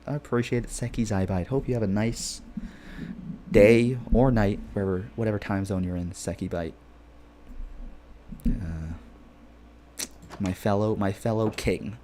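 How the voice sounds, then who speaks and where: A man's voice: fairly low pitch, steady tone, unhurried, long pauses, dark tone, slight background noise. A young man streaming a game, chatting casually, joking and rambling as he reads chat messages aloud.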